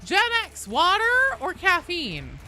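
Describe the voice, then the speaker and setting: A woman's voice: very high-pitched, wildly swooping pitch, takes it slowly, pushed and bright, a little hiss or hum. A woman streaming a game live, chatting casually and playfully with viewers and swearing freely.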